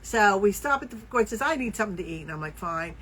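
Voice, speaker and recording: A woman co-hosting a casual knitting podcast, telling stories with lively acted-out quotes. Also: medium pitch, fast talker, slight background noise, rough recording. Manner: animated storyteller, acts out quoted voices. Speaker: podcast co-host. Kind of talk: casual chat.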